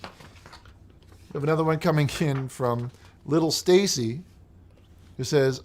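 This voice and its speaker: A man hosting a comedic call-in show in the style of a preacher. He swings between mumbled reading of messages and loud, exasperated ranting. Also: fairly high pitch, slow, long pauses.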